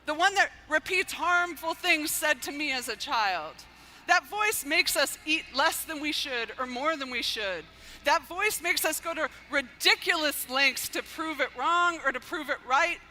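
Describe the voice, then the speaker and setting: A woman with a very bright, high voice delivers an earnest inspirational speech. She speaks in a measured, heartfelt way and leans gently on key words. Faint noise sits behind her. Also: expressive. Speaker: speaker giving an inspirational talk.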